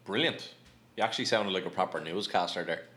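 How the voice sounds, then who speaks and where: A male podcast host with a very low voice that still sounds crisp and bright. He chats casually, cracks jokes and swears freely. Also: quick pace. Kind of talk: casual chat.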